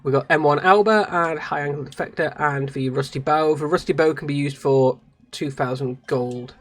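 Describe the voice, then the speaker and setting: A man's voice: on the high side, moderate pace. A man from England with an English accent, casually commenting on his game stream and chatting with viewers. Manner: chatty, laughing at himself, reads chat aloud. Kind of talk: live gameplay commentary. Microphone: streaming microphone.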